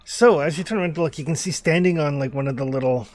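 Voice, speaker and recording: A man's voice: on the high side, quick pace, no room sound. A man narrating as game master, rambling with many fillers.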